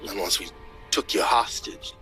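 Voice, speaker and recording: A man voicing a bitter gunman who rasps out sneering contempt. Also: moderate pace, music in the background, natural voice.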